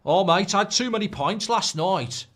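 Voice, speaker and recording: A bleary, hungover Liverpool lad, as a man puts him on, talking in a higher voice than the man's own. His speech is slurred and drawn-out, with a put-on Scouse accent and a laddish swagger. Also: lively intonation, a bit bright. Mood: groggy laddish.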